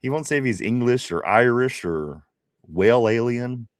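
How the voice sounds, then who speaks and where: A man's voice: medium pitch, expressive, moderate pace, no echo, studio quality. A man co-hosting a casual live stream, reading viewer comments aloud with laughs, restarts and teasing.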